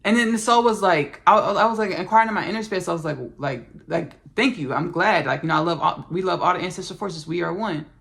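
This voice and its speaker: A woman hosting a spiritual podcast, channeling and recounting spirit messages in an effusive, repetitive way with soft murmured thanks. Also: fairly low pitch, quick pace, vocal fry, few pauses.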